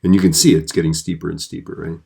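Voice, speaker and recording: Man, very low voice, gravelly and husky, physics teacher, chatty video lesson. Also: little pitch movement, fast, mellow. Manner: conversational, often checks in with "right?".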